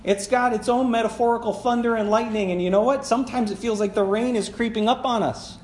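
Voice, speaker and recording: A man's voice: extremely high pitch, steady tone, a little fast, darkish tone. A man preaching a sermon as a conversational personal story, with many fillers and laughing at himself. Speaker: pastor. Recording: echoey room with faint background noise.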